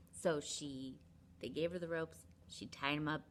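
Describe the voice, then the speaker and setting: A Sunday school teacher retells a Bible story to children, chatty and animated, filling her speech with "like" and "um." Her voice is low-pitched at normal speed, with slight background noise.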